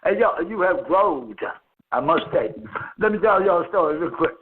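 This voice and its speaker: Man, high voice, call-in chat host, laughing storyteller, tinny phone line. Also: animated, moderate pace. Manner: loose, laughing, profane storytelling. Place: a friend's house.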